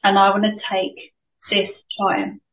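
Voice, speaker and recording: Slow calm lady therapist, sounds far off in an echoey room. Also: medium pitch, lo-fi sound. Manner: gentle, measured, affirming. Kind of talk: guided therapy session. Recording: roomy, distant from the mic.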